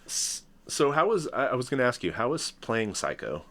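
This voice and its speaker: A man's voice: medium pitch, big pitch swings, moderate pace, bright, forceful tone. A man from California hosting a podcast, asking his guest questions casually and laughing along. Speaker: podcast host.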